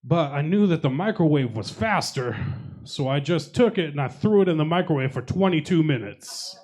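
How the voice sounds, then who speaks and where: Profane stand-up comic, crowd work. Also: male voice, fairly high pitch, lively intonation, moderate pace, darkish tone. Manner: profane, self-deprecating storytelling with crowd work. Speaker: stand-up comedian. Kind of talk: stand-up comedy set. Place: comedy showcase venue with live audience.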